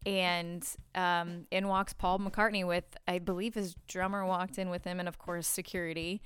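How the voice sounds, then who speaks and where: A woman guest on a podcast interview, telling a story in a casual, animated way and laughing easily. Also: on the low side, normal speed, smooth, no echo. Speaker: guest actress.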